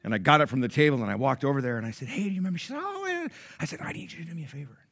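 Animated storytelling male pastor. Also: rapid-fire. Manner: animated, swings from loud excited bursts to soft low asides. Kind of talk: sermon storytelling.

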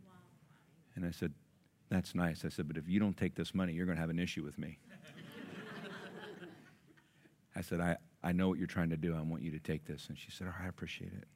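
A middle-aged man preaching a sermon, telling a story with loud excited bursts and soft low asides. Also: brisk, pauses often. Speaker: pastor.

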